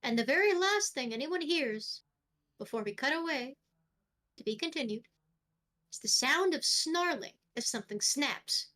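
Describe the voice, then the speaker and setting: A woman runs a tabletop game as game master and narrates the scene in a casual, offhand way. Her voice is high for a woman, and she drops in a swear now and then. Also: lively intonation, moderate pace, bright, forceful tone.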